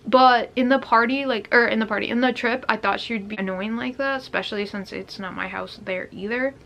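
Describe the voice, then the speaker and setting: Her voice sits on the high side, brisk and fairly bright, as this young adult woman vlogger rambles through a casual storytime. She keeps saying "like" and often starts her sentences over.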